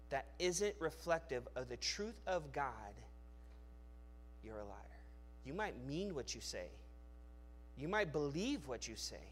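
A male pastor preaching a sermon, swinging between loud emphatic lines and quiet, low asides, with frequent restarts and repeated words. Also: a little hiss or hum.

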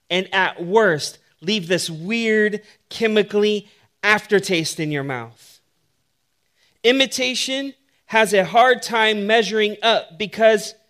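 A man's voice: high voice, a bit bright. A man preaching a sermon in a conversational, humorous way that builds to emphatic points.

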